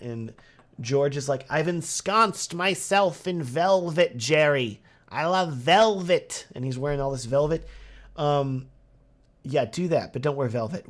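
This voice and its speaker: A man's voice: medium pitch, darkish tone. A man with a Texan accent hosting a casual livestream Q&A, answering viewer questions in an upbeat way with lots of "um" and "like". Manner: casual and upbeat, many fillers like "um" and "like". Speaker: wedding videographer hosting a livestream Q&A.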